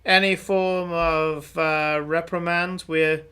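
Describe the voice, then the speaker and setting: Man playing a pompous half-elf guard, self-important, long-winded, higher voice. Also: level tone, takes it slowly, pushed and bright, clean tone. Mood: officious. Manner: long-winded, full of hesitations.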